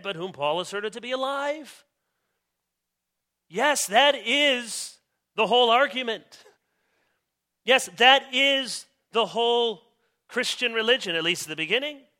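A man preaching an expository sermon as pastor, reading scripture aloud and stressing key words with emphatic, slowed delivery. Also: high-pitched, pushed and bright. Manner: reads scripture aloud with rising intensity.

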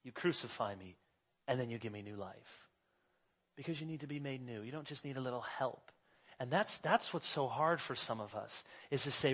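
A middle-aged male pastor preaching a sermon, swinging from hushed asides to loud emphasis. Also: mid-range voice, expressive, moderate pace, husky.

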